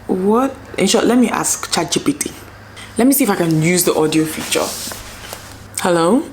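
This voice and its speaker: A woman's voice: on the low side, expressive, moderate pace, darkish tone, a little hiss or hum. A woman vlogging at home in a casual, rambling way, with many fillers as she chats to her viewers. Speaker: lifestyle vlogger. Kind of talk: casual vlog chat to camera.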